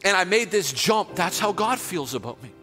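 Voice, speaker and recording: High, bright-voiced preaching man. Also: very animated, normal speed, big-room sound, faint music behind. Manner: impassioned, repetitive preaching that drops to a hushed prayerful close. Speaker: pastor. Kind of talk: sermon. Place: church sanctuary.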